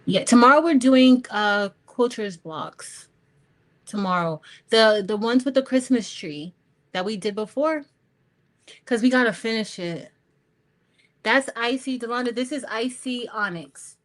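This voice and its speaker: A woman's voice: fairly high pitch, unhurried. A middle-aged woman hosting a crafting livestream, chatting casually with viewers while she works. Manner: chatty, storytelling, talks to viewers as y'all.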